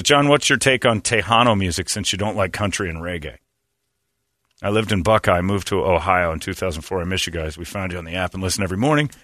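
Low-ish guy ranting on the radio, sarcastic, dry sound. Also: a bit bright, no echo. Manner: ranting, sarcastic, laughs often. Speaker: radio show host. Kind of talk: casual radio chat.

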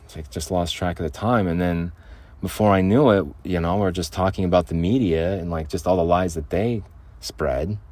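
A man's voice: low voice, steady tone, moderate pace, a little mellow, dry recording. An older man hosting his own podcast from a makeshift vocal booth, talking in a loose, rambling way, jumping between topics and chuckling often. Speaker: podcast host. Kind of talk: casual rambling podcast monologue.

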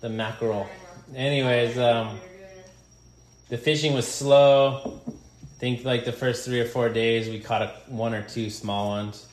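Flat-voiced man rambling about fishing trips. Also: medium pitch, unhurried, a little hiss or hum. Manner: rambling, relaxed, fillers like um. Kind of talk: casual podcast chat. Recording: echoey room.

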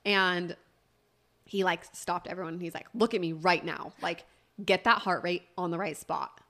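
A woman's voice: on the low side, normal speed. Chatty young woman podcast co-host. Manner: chatty, animated storytelling with quoted voices. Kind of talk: casual chat.

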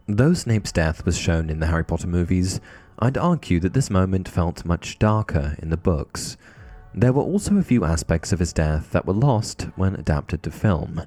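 A man narrating passages from a book and commenting on them in a steady storytelling voice. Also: deep voice. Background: faint background music.

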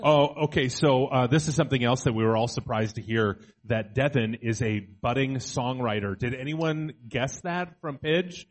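A man's voice: medium pitch, moderate pace, few pauses. A man hosting a radio morning show, leading the segment with teasing banter.

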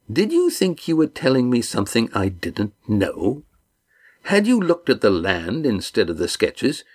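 A man's voice: mid-range voice, darkish tone, pitched above the performer's own voice. A man reading the part of a menacing, mocking ship captain, drawing out his threats with a sneer.

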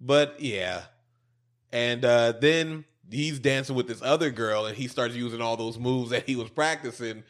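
A man's voice: medium pitch, measured pace. A man in casual chat, joking and swearing as he acts out lines from scenes. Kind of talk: casual chat recapping a film.

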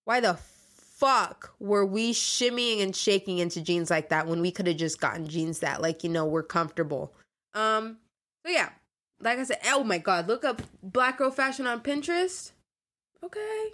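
A woman's voice: medium pitch, fairly bright tone. A young adult woman hosting a casual monologue podcast, ranting animatedly and swearing freely. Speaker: podcast host.

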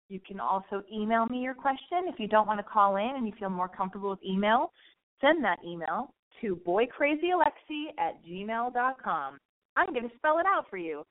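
A woman's voice: fairly high pitch, expressive, moderate pace. A woman host with a Californian Valley girl way of talking rambles through a casual, profane monologue, full of restarts and "like"s. The sound is narrow and thin, as if it were coming down a phone line. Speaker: podcast host.

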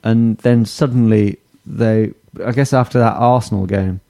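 Fields: Sex: male. Role: slow, hesitant podcast host. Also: on the low side, steady tone, creaky, warm tone. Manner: hesitant, lots of fillers and restarts, self-mocking. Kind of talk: casual chat.

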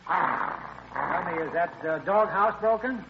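A high-pitched folksy camp owner. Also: male voice, slow pace. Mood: hesitant. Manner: hesitant, polite small-town talk. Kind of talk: 1940s radio acting. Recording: dull old radio recording with clear hiss.

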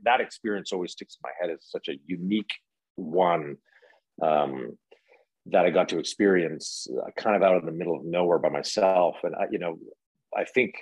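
A man's voice: sits low, slightly rough, no echo, poor audio. A man in his thirties, an actor, telling stories in a casual interview, rambling with many fillers and restarts.

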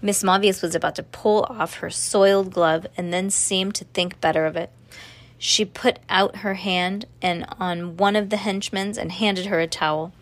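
A woman reading a children's novel aloud in a steady, plain voice with small slips. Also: mid-range voice, moderate pace. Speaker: storybook reader.

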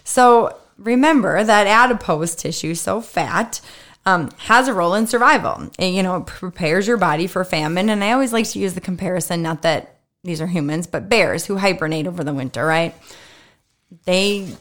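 A woman's voice: fairly low pitch, normal speed, a bit bright. A woman doctor co-hosting a podcast in casual chat, teasing her co-host and laughing often as she explains.

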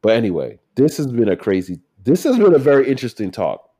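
Animated man, lively swooping pitch. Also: quick pace, breathy edge, no echo, clean studio sound. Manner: animated, emphatic, swings from loud to quiet. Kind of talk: casual chat.

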